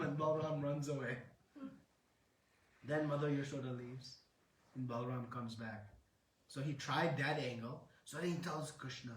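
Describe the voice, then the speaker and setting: A man giving a devotional sermon, retelling a sacred story in an earnest, explanatory way with dramatic pauses. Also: mid-range voice. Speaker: speaker. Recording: roomy hall, distant mic.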